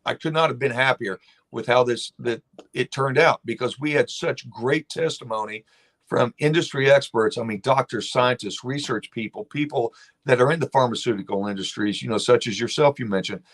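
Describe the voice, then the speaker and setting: A man's voice: mid-range voice, normal speed, fairly bright tone. Guy who's a state lawmaker on a podcast, blunt and fired up, tells stories, regular mid voice. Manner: emphatic, storytelling, blunt. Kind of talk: impassioned interview talk.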